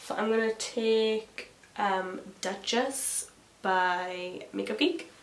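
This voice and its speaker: A woman's voice: mid-range voice, slow pace. A woman vlogging a chatty makeup tutorial, rambling with gossipy asides and plenty of fillers. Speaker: beauty vlogger. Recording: echoey room with faint hiss.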